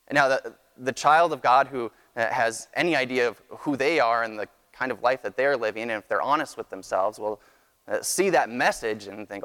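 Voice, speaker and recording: A man's voice: medium pitch, a bit bright. Earnest preacher man in a reverberant hall. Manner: measured, earnest teaching with frequent restarts. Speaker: pastor. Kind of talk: sermon.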